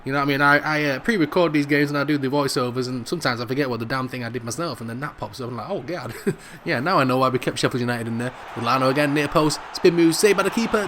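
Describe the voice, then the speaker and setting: A middle-aged man with a Jamaican accent, giving excitable, laughing commentary over a football video game. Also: mid-range voice, noisy background. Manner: excitable, laughs often, drawn-out shouts over goals. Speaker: gaming commentator. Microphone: studio microphone.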